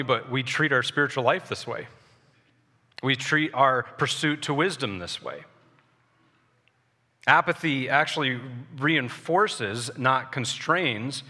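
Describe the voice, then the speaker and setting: Bright-voiced male preacher in a hall. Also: medium pitch. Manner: earnest preaching with pauses and restarts. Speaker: pastor. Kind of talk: sermon. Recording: long reverb of a large hall.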